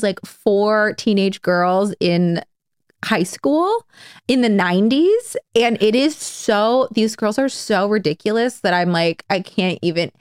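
A woman's voice: mid-range voice, smooth, no echo, studio quality. A young woman co-hosting a podcast in casual, chatty talk, rambling a little with fillers. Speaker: podcast co-host. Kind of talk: casual chat.

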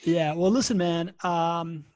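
Chatty, fairly high-voiced man in his forties. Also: steady tone, slow, darkish tone, no room sound. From born in Latin America, raised in Miami and Spain. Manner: chatty, self-deprecating, repeats words while talking. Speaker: podcast guest. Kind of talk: casual storytelling interview.

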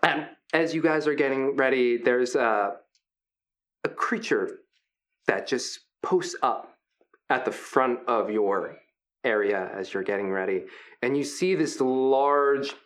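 A man's voice: mid-range voice, takes it slowly. A man as game master, casually narrating a tabletop game with many fillers. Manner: casual, hesitant, filler-heavy description.

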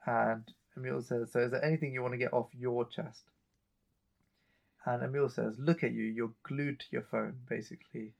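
A man's voice: medium pitch, steady tone, moderate pace, gravelly. A man co-hosting a chat show, casually retelling a TV episode scene by scene and reading out the characters' lines. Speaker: podcast co-host recapping an episode.

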